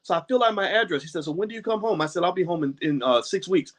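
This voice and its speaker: American male host, high voice, animated motivational talk with laughs. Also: fast. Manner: animated, preachy, laughs often, swears casually. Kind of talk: motivational talk and book reading.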